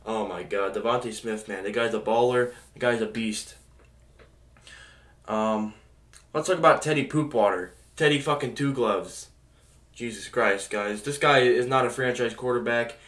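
A man's voice: mid-range voice, normal speed, fairly bright tone. A man ranting angrily as a sports fan, exasperated, swearing and sighing as he vents about his team. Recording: echoey room.

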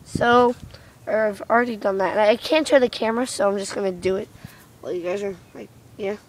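A woman's voice: mid-range voice, fairly quick. A young woman chatting casually to her camera for a vlog, giggly and given to casual swearing, filming herself indoors and then out in a windy yard. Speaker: vlogger.

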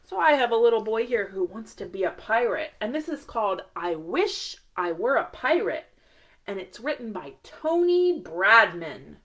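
A woman leading a live storytime for young children, slow and sing-song, encouraging them and asking them questions. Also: mid-range voice, big pitch swings, a bit bright. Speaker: children's librarian. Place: library storytime, streamed live.

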